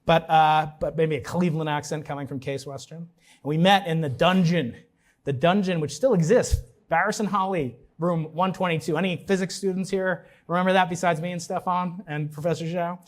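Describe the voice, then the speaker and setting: Man, from Long Island, commencement speaker, fairly high voice, joking asides, restarts. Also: fairly even intonation, brisk. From New York, Long Island. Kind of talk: ceremonial speech. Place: large ceremony venue.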